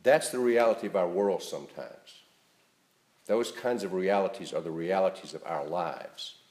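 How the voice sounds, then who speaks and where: A male pastor giving an earnest, emphatic sermon that rises in stress and then drops to a soft, quiet close. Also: sits low, normal speed, roomy sound. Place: church.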